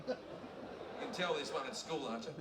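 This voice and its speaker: Brash, profane Australian comedian, echoing hall. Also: male voice, fairly high pitch, a little fast. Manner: crude, brash, heavily profane. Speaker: stand-up comedian. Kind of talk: stand-up comedy set. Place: large theatre with live audience. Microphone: bootleg recorded from the audience. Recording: echoey hall bootleg from far off, loud room noise.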